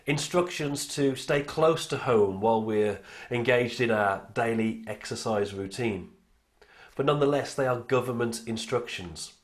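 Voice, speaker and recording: A man with a British accent giving an online sermon as pastor, in an earnest, emphatic manner. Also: medium pitch.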